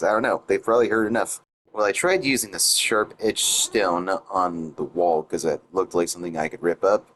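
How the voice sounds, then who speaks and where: A man doing gameplay commentary, sarcastic and mocking the game and its heroine, reading the game's text aloud in a quieter voice. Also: lowish voice, a little hiss or hum. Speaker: let's play commentator.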